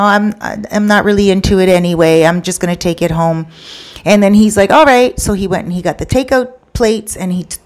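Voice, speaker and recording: A woman casually telling a true story, acting out everyone's lines with sudden jumps in pitch and chatty asides to the listener. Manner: retells with quoted dialogue, voicing each person with pitch jumps.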